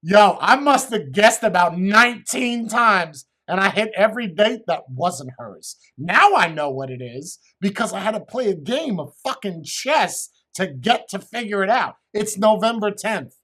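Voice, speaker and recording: Middle-aged male comic streamer: husky, lively pitch, crude rambling storyteller. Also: unhurried, few pauses. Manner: crude, rambling, swears constantly. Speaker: comedian streamer. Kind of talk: profane comic storytelling to a live chat.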